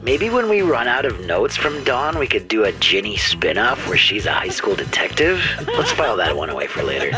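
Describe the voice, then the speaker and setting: A man's voice: on the low side, very animated, normal speed, hardly any pauses, over music. A man co-hosting a radio show, making wry, dry asides.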